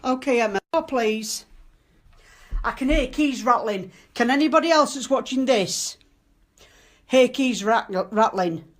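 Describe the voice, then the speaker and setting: A woman's voice: on the high side, measured pace, long pauses. Scared woman pleading. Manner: frightened, pleading, swearing. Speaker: cleaner alone in a supposedly haunted house. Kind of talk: filming herself, talking to viewers and to a ghost. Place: dark empty house at night, indoors.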